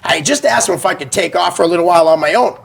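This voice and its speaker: A man hosting a casual wrestling chat, telling stories in an animated way and jumping up in pitch when he quotes himself. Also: very fast, gravelly, husky. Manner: animated storyteller, jumps high when quoting. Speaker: host.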